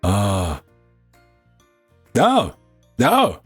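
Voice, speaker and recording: Husky low-voiced podcast host. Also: male voice, huge pitch swings, extremely slow, no echo, faint music behind. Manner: crude, joking, profane. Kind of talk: casual live podcast banter.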